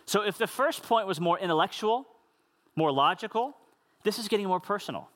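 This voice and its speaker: A man's voice: high voice, expressive, a little fast, fairly bright tone. A man preaching a sermon in an earnest, conversational way, with casual asides to the congregation. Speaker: pastor.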